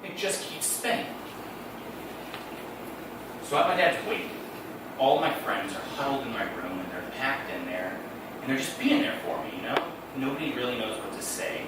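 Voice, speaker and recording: A man's voice: mid-range voice, animated, moderate pace, long pauses, heavy background noise. Wry man telling stories on stage. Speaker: storyteller. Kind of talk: comic stage storytelling. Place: theater stage. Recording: echoey room, distant mic, loud background.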